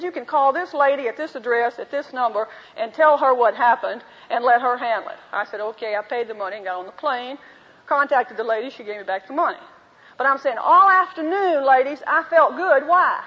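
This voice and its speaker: Woman teacher, high voice, story-driven delivery playing each part herself; muffled old recording in a big echoing hall. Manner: storytelling, acts out both sides of dialogues. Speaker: women's Bible teacher. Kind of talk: teaching talk to a women's group with anecdotes. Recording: dull lo-fi recording in a reverberant hall.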